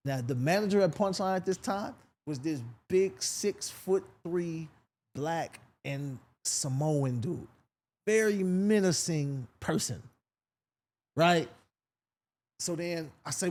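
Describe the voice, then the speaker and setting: A male comedian from Sacramento spins a long story in a relaxed podcast chat. His voice sits a bit high for a man, and he jumps into other people's voices as he tells it. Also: slow pace. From Sacramento, California. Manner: animated, acts out voices in his stories. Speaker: comedian guest.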